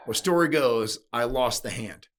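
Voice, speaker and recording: Middle-aged man, interview guest, sales speaker; candid and blunt, swears freely, mid pitch. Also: expressive, moderate pace, fairly bright tone. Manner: blunt, emotional, swears casually.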